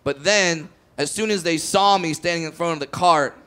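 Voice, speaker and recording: A man doing stand-up comedy, telling a long story in an animated way, acting out quotes and tripping over restarts. The recording is noisy. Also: a little high, moderate pace.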